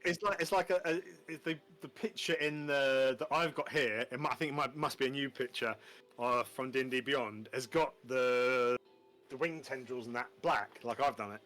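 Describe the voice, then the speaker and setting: A man co-hosting a casual chat while painting miniatures, talking haltingly with many restarts. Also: mid-range voice, fairly bright tone, soft background music. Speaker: co-host.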